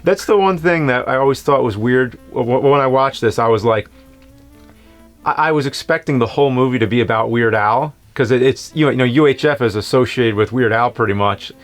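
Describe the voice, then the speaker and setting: A man hosting a casual film review, talking in an unhurried, hesitant way. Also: medium pitch, faint music behind. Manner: unhurried, hesitant, many fillers. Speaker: show host, film reviewer.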